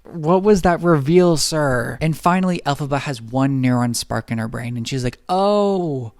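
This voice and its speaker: A man's voice: mid-range voice, steady tone, a little mellow, dry recording. Young male comic recapper, sarcastic and profane, flips into character voices, dry close sound. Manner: snarky, swearing, acts out characters in quick asides. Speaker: movie recap YouTuber. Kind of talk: comedic movie recap.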